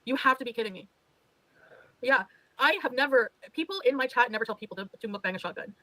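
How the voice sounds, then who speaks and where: A woman's voice: fairly high pitch, animated, fast, sharp tone, no room sound, rough recording. A woman streamer venting on a livestream, exasperated and resigned, swearing often. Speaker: streamer in a played clip.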